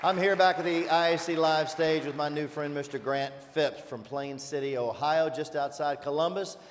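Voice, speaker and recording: A man conducting an upbeat, loud live stage interview at an event. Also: on the high side, fairly even intonation, normal speed, in a large hall, some chatter behind, a little hiss or hum. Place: convention stage.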